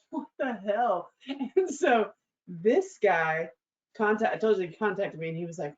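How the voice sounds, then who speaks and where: A woman's voice: medium pitch, normal speed. A woman hosting her show, telling a candid personal story in a bubbly, crude, laughing way. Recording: slightly dull lo-fi recording.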